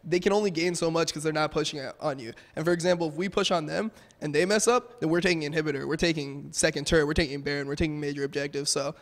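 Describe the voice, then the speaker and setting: A young man, a pro gamer, talking casually and quickly in a post-match interview, with lots of "um" and "like". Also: a little high, fairly even intonation, in a large hall. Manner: fast, casual, filler-heavy.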